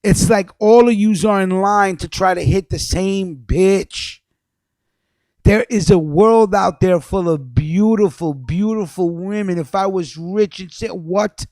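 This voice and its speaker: A man ranting angrily on a livestream, cursing a lot, repeating himself, and jumping between low mutters and loud outbursts. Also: measured pace, no echo, clean studio sound. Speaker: livestream host. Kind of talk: profane ranting commentary.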